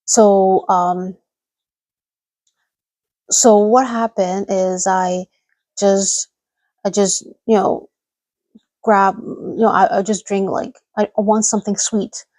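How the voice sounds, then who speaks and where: A woman's voice: medium pitch, fairly even intonation, slow pace, long pauses, dark tone, no echo, poor audio. A woman hosting a casual livestream chat, rambling and laughing often as she reads out viewers' messages. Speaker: livestream host.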